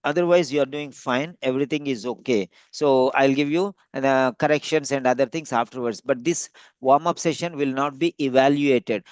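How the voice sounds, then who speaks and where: A man's voice: medium pitch, normal speed, clear, resonant tone, dry recording. A man tutoring a speaking-test candidate, giving patient, repetitive feedback with frequent fillers. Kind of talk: giving feedback in a practice session.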